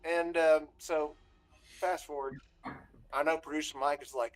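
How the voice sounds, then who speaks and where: A man in casual chat who tells rambling stories, profane and animated. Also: a little high, a little slow, pauses often. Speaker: guest on a talk stream.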